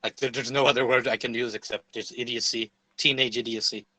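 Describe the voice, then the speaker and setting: A young man as a guest in a casual livestream chat, opinionated and halting, with repeated words. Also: mid-range voice, level tone, pushed and bright, no room sound, poor audio.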